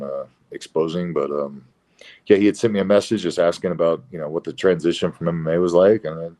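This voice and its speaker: Man, very low voice, blunt, halting with fillers, casual interview guest. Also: darkish tone. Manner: halting, many fillers and restarts, blunt, swears. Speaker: professional fighter, guest.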